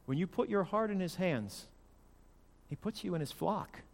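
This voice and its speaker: A man's voice: high-pitched, lively intonation, normal speed, creaky. Man preaching in a reverberant church. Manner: emphatic, swings from loud to hushed. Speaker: pastor. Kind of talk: sermon.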